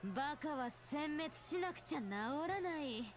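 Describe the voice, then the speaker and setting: In a game scene with music behind, a high, bouncy girl soldier who chatters quickly. Her pitch leaps around as she cheerfully suggests dire things. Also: lively intonation, slight background noise. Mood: impish.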